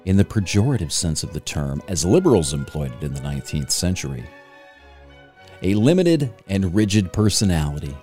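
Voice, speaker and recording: A man putting on a hushed radio-announcer reading voice. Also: sits low. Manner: hushed, slow, measured reading. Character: soft, smooth-voiced male radio announcer reading aloud.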